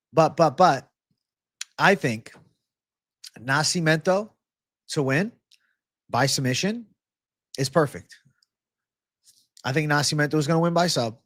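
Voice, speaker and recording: A man hosts a live stream of MMA betting picks, talking to his chat in an unhurried drawl. He is frustrated, swears often and keeps circling back to his complaints. The sound is dry and close, with no room echo. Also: on the high side, fairly bright tone. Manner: frustrated, profane, ranting to chat. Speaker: MMA betting show host.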